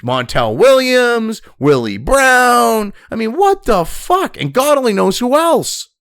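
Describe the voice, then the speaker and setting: In clean studio sound with no echo, a US political commentary host reads the news aloud and then launches into an angry, crude, mocking, profane rant. His very high, slightly bright voice is sing-song, and he takes it slowly.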